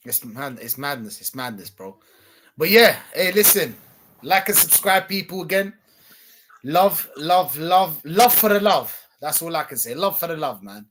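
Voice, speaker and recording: A man's voice: fairly high pitch, expressive, measured pace, fairly bright tone, slight background noise. A man hosting a casual live stream, often saying that things are madness. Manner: repeats "that's madness, bro". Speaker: Arsenal fan streamer, host.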